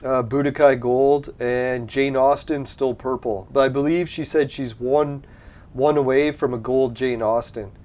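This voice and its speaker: A man's voice: medium pitch, fairly even intonation, measured pace, a little mellow. A man hosting a gaming channel, chatting casually over his play, laughing often and swearing freely. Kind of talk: casual let's-play commentary.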